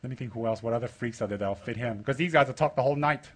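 A man's voice: mid-range voice, racing, slightly rough. A man teaching a group of students, joking and rudely teasing them, coaxing them with questions and laughing often. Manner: joking and playfully rude, laughing often, bursts of loud excitement; coaxing, asks the room questions. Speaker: spiritual teacher addressing his students. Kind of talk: teasing, rambling talk to a group.

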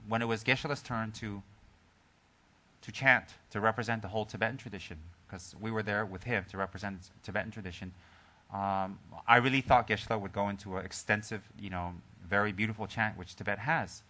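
Man teaching Dharma, bright forceful voice. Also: fairly low pitch, a little fast. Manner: joking banter then calm, soft storytelling. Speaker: Buddhist teacher.

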